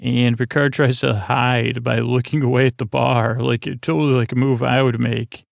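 A man's voice: medium pitch, flat delivery, normal speed, vocal fry, dry recording, dull audio. A man hosting a sleep podcast, drowsily recapping an episode in a meandering way, full of fillers. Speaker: podcast host.

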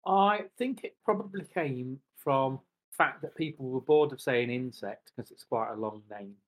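A man's voice: mid-range voice, normal speed. Playful man improvising an answer. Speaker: improv podcast regular. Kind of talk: casual comedic chat.

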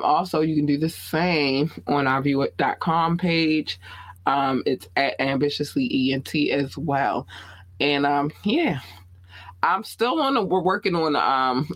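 A woman podcast host with a Baltimore accent, chatting casually and bluntly in a small home studio, her voice swooping up high when excited. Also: dry recording. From Baltimore, USA. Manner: laid-back, blunt, frequent "um" and laughter. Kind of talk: casual podcast sign-off chat.

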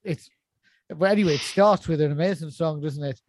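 A man's voice: a little high, fairly quick, darkish tone, no echo. A man co-hosting a casual chat about a film, often laughing and incredulous. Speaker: podcast co-host.

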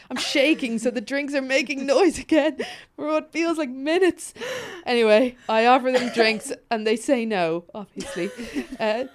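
A woman reading a funny story aloud on a podcast, often laughing, stopping to comment and swearing freely. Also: on the high side. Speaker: podcast co-host.

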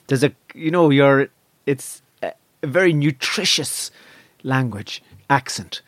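A man's voice: medium pitch, lively intonation, dry recording. A man with an Irish accent doing a stand-up routine, swearing freely and rambling from one thought to the next. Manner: profane, rambling, jumps into quick impressions. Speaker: stand-up comedian.

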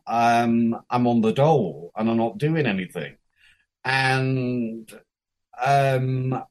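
A man in his fifties from England tells his own stories in a relaxed, candid way. He swears freely and brings the quoted people to life with lively voices. His pitch sits in an ordinary middle range for a man. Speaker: interview guest. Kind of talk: candid storytelling.

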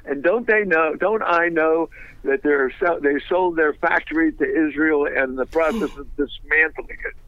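A man telling a business story in a fast, animated, wisecracking way, laughing at his own punchlines. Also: a little high, no room sound, phone-quality sound. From United States.

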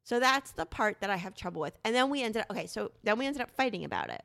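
A woman's voice: fairly high pitch, quick pace, creaky. A woman in her thirties in casual chat with her husband, telling a story with lots of swearing. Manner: animated storytelling, frequent swearing. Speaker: podcast co-host.

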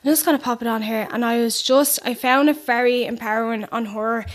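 A young Irish woman chatting casually as a podcast guest, laughing often and adding quick asides. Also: fairly high pitch, steady tone. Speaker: podcast guest, fitness trainer. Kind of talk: casual chat.

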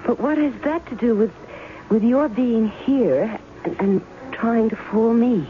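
A woman's voice: fairly high pitch, measured pace, natural voice. An actress playing a cool, skeptical estranged wife who is testing a man, in 1970s radio drama style. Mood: stunned. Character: wary, sharp-tongued estranged wife testing an impostor. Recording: tinny old radio broadcast with music.

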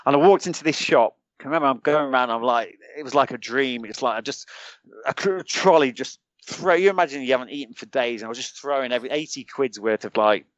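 A British man recounts his old soldiering days as a podcast guest, casual and animated, breaking into chuckles and stopping to restart his sentences. His voice sits at an ordinary pitch. The recording is dry and a little muffled. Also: fast talker, no echo. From United Kingdom. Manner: animated anecdotes, chuckles often, many restarts. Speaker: podcast guest, former special forces soldier. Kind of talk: casual storytelling.

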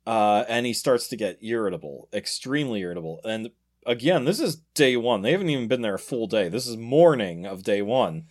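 A man's voice: on the low side, a little fast. A man hosting a podcast, casually telling a story and laughing often as he goes. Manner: laughs often, animated retelling with acted quotes. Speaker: podcast host.

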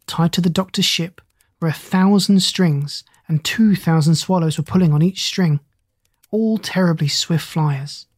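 A storybook narrator reads in a steady, measured way. The voice is husky and sits at a middle pitch. The recording is dry and close. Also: no room sound. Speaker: audiobook narrator.

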